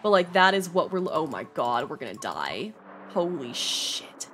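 A woman's voice: deep voice, very animated, measured pace. A young adult woman streamer giving casual gameplay commentary, stressed and swearing often. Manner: stressed, swears often, laughs, reads game text aloud. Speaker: streamer playing a video game. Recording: faint game music behind.

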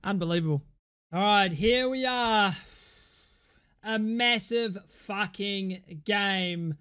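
A young man, commentating on his own football management game in an excitable, sweary way. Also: high-pitched. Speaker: gaming YouTuber.

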